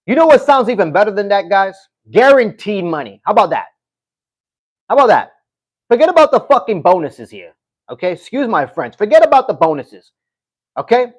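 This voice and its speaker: High-pitched male streamer, casual chat with his audience, animated and loose-mouthed. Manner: animated, talks straight to chat, swears. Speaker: livestream host. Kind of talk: casual livestream chat reading comments.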